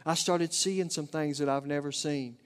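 A man's voice: on the high side, steady tone, moderate pace, clear, resonant tone. A middle-aged man with an Oklahoma Southern accent, preaching a folksy, conversational sermon to a congregation.

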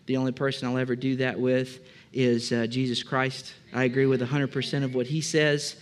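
A man's voice: mid-range voice, level tone, brisk. A male pastor preaching in a loose, conversational way, full of "uh" fillers and direct asides to the congregation. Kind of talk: sermon.

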